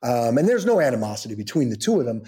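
A middle-aged man, a guest actor in a podcast interview, telling a story with animated energy, acting out the people he quotes, with many fillers and restarts. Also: mid-range voice, fast. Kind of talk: casual anecdote in a podcast interview.

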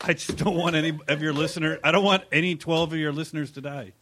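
A man's voice: fairly high pitch, steady tone, quick pace, very noisy. A man comedian, a guest on a podcast, eagerly jumping in with a bit in casual chat.

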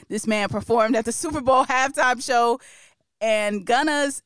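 A woman's voice: a little high, a little slow, a bit bright, clear, resonant tone, no room sound, clean studio sound. A woman hosting a podcast, chatting casually and with strong opinions about music news, laughing often. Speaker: podcast host.

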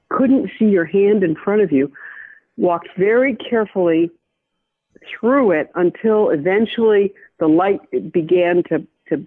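An older woman from the American Midwest, a veteran journalist, speaks as an interview guest. She recounts events in a measured, reflective way, with frequent restarts. Her voice comes through a thin, tinny phone line. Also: fairly low pitch, slightly rough. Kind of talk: personal storytelling in an interview.

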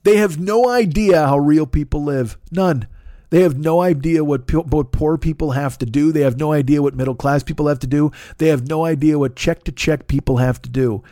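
Guy ranting angry and sarcastic, swears nonstop, pretty high voice, dry close sound. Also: moderate pace, warm tone, dry recording. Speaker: podcast host. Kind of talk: profane comedic rant.

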